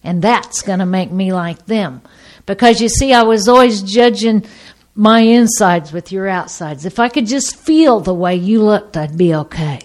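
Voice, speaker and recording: A middle-aged woman giving a personal testimony to an audience, a lively storyteller who acts out the people in her story. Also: medium pitch, unhurried. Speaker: speaker sharing her recovery story.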